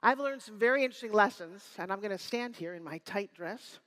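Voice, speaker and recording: A woman in her fifties giving a live motivational keynote on stage, energetic and teasing, rallying the crowd with call-and-response. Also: mid-range voice, fairly quick, slight background noise. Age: 50s. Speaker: motivational speaker. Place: stage before a live audience in a hall. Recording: room reverb.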